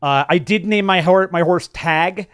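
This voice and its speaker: Rambling higher-voiced podcast man. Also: measured pace, fairly bright tone, clear, resonant tone, no echo, clean studio sound. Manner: rambling, many restarts and fillers. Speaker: podcast co-host. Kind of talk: casual chat about video games.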